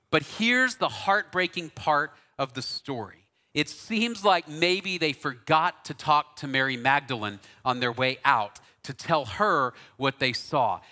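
A man preaching a sermon as pastor, telling the story in an earnest and animated way. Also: fairly high pitch, in a large hall. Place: church auditorium.

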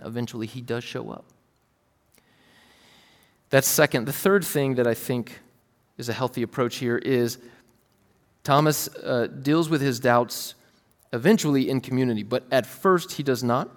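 A man in his thirties preaching a sermon in a relaxed, storytelling way, acting out voices from family anecdotes. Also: medium pitch. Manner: casual, storytelling, acts out his kids' voices. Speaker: pastor. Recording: long hall reverb.

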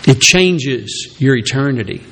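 A man preaches a sermon as pastor in an unhurried, animated way, acting out the voices of people in his story, including Peter's reluctant excuses in a high voice. A little hiss or hum sits under the recording.

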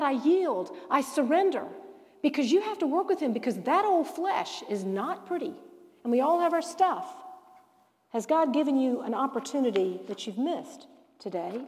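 High-voiced woman teaching in a reverberant hall. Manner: animated storyteller who acts out quoted dialogue. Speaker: Bible study teacher. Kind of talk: lively preaching-style Bible lesson.

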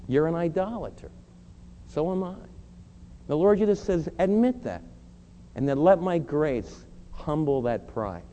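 Middle-aged man, pastor, earnest emphatic sermon, mellow tone, long hall echo. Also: sits high, lo-fi sound. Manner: earnest, emphatic preaching with confessional asides. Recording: long hall reverb, faint hum.

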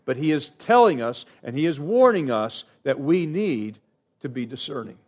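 A middle-aged man preaching a sermon, earnest and emphatic, with sudden rises in pitch and lines that trail off quietly. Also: lively intonation, moderate pace.

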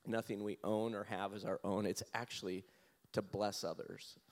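A man as an interview guest, telling a personal story in an animated way, laughing and acting out his own lines. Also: lowish voice, normal speed.

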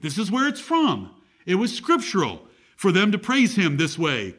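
A man's voice: high-pitched, wildly swooping pitch, normal speed, a bit bright. A man preaching a Bible-teaching sermon who reads scripture aloud in a raised, declaiming voice and asks the audience questions. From United States.

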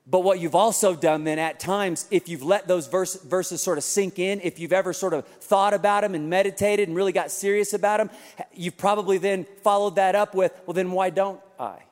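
A male pastor preaching a sermon, mixing scripture with self-deprecating, humorous stories. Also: high-pitched. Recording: long hall reverb.

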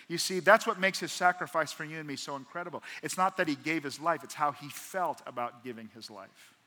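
A man delivers a sermon in a fairly high, bright, ringing voice. He drops to near whispers and then rises to emphatic pleas as he acts out prayers. The sound carries a long reverb from a large church hall. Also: fairly quick. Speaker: pastor. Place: church auditorium.

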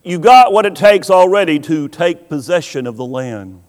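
A man preaching a sermon, slow and emphatic, acting out the voices he quotes. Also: a little high, expressive, darkish tone. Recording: long hall reverb.

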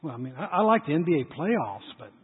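A man with a high, husky voice preaches a sermon, acting out the parts of his story. His voice sounds tinny and thin, and a long reverb trails after it in a large hall. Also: quick pace. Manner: animated, acts out dialogue in story. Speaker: pastor.

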